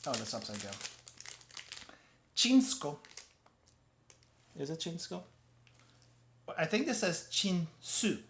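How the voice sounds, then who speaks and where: A man's voice: on the high side, very animated, moderate pace, gravelly, long pauses, a bit bright, slight background noise. A man streaming as a VTuber, chatting casually while tasting snacks. He rambles, restarts his phrases, and talks around a mouthful of gum. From United States. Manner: rambling and self-correcting, often restarts phrases.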